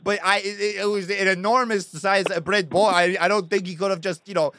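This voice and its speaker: A man doing a queasy, vaguely French caller, rambling through a prank phone call. He stammers and searches for words in a high, bright, clean voice, recorded dry and close. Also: steady tone, no echo. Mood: aggrieved. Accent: put-on French. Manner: halting, full of stammers and fillers.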